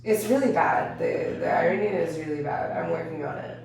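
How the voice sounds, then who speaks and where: A woman's voice: sits low, a little fast, vocal fry, a little mellow. A young woman comedian in casual chat, joking loosely, swearing and mocking herself. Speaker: comedian guest. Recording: echoey room, mic at a distance.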